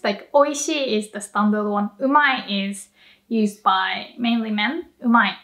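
Slow-talking Japanese woman teaching. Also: on the high side, a bit bright. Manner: playful, laughs often, acts out animal sounds. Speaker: language teacher. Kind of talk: casual language lesson.

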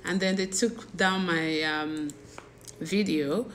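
Slow-talking Nigerian woman on a livestream. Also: lowish voice, slight background noise. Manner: chatty, mixes pidgin, laughs often. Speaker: livestream host. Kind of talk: casual live chat with viewers.

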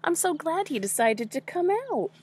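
A woman teacher reading a picture book aloud to young children, animated and full of questions, addressing them directly. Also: extremely high pitch, normal speed, slight background noise. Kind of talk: children's story time read-aloud.

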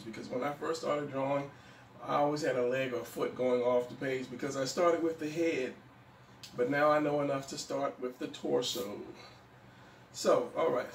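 A man giving a relaxed drawing tutorial, thinking aloud as he sketches and often pausing with fillers. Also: medium pitch. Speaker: drawing instructor. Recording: echoey room, mic at a distance, faint background noise.

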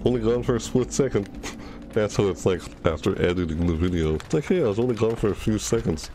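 A man's voice: on the low side, animated, fast talker, background noise. A man casually commenting on his own gameplay from a home setup, chatty and easily panicked, talking to himself as he plays. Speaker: gaming channel host.

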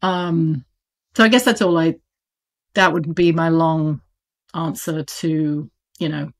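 A woman with a low, steady voice speaks slowly as a guest in a casual interview. British and an audiobook publisher by trade, she chats animatedly, laughing often and using plenty of fillers.

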